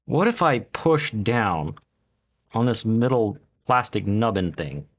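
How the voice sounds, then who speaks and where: A man casually talking to himself while soldering at a home workbench, thinking out loud in a laid-back way. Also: fairly low pitch, very animated, slow. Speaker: hobbyist fixing his gear.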